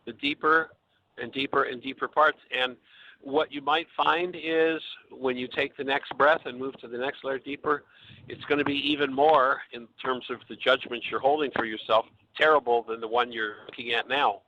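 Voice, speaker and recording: A man hosting a radio call-in show, calmly coaching a caller through his feelings. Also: medium pitch, moderate pace. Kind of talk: calm guiding talk on a call-in show. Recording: slightly dull audio with faint hiss.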